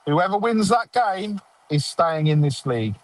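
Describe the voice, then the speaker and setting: Sarcastic high-voiced fan host. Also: male voice, sing-song, unhurried, no room sound, poor audio. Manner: sarcastic, mocking, grumbling. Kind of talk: casual football fan chat.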